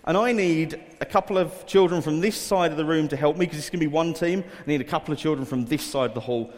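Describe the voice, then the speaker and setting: A man's voice: a little high, fast talker. A man leading a quiz for children in a school hall, coaxing volunteers and reading headlines aloud in an upbeat way. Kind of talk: addressing a room of children. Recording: echoey hall reverb.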